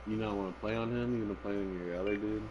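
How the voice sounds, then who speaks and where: Low-voiced young man teasing a friend. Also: fairly even intonation, rapid-fire, highs cut off, noisy background. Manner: teasing, joking. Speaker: friend watching the stream. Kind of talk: casual chat.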